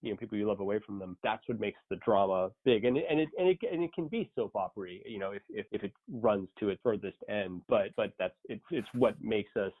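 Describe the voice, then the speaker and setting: A man in casual podcast chat, rambling with halting restarts. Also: on the low side. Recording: tinny phone-like line.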